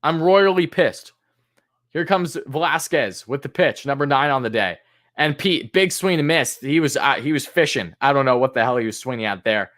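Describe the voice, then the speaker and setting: A male fan commentator doing live play-by-play on his own stream, his voice sitting at an everyday middle pitch. He gripes, swears and sounds exasperated at bad calls, and his voice leaps up when a pitch comes in. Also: moderate pace, a bit bright. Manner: exasperated, swearing, griping about umpires; voice jumps high on big pitches.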